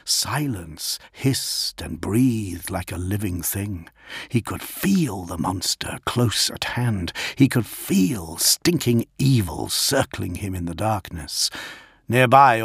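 A man narrating an action audiobook in an intense, expressive way. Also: on the low side, breathy edge, no echo, studio quality.

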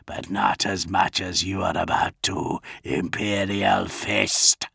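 A man voicing a towering, cadaverous male warlord who speaks in a slow, rasping death-rattle hiss. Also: sits low, flat delivery, sharp tone, exaggerated voice. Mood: mocking. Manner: slow, drawn-out menace.

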